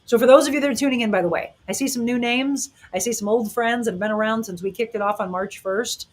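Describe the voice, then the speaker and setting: A woman's voice: fairly high pitch, fast. Gushing enthusiastic middle-aged woman host. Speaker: live-stream podcast host. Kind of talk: casual live chat reading viewer comments.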